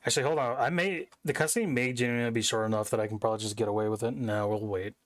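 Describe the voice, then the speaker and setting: A man's voice: mid-range voice, steady tone, racing, no room sound. A young man chatting casually as a game streamer, rambling, cursing and interrupting himself. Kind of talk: casual chat while streaming. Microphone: desk mic.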